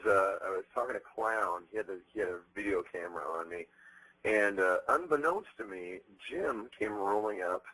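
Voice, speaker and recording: A man in his thirties being interviewed, telling stories bluntly with plenty of profanity and animated energy. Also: lowish voice, low-quality recording. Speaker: interviewed musician. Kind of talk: candid interview talk.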